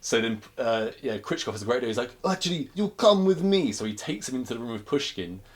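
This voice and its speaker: A man's voice: mid-range voice, steady tone, fast. Man recapping a film plot. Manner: recaps plots, acts out the characters. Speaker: podcast co-host. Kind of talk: casual film review chat.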